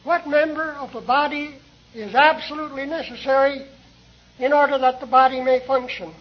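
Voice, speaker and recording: An older man preaching a sermon in a slow, measured, earnest way, asking rhetorical questions, on a dull lo-fi old tape recording. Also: very high-pitched, steady tone.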